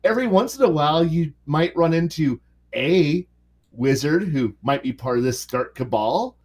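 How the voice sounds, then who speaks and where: A man's voice: a little high, animated, moderate pace. A man co-hosting a casual podcast about tabletop role-playing games, rambling with many restarts and fillers. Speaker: podcast co-host.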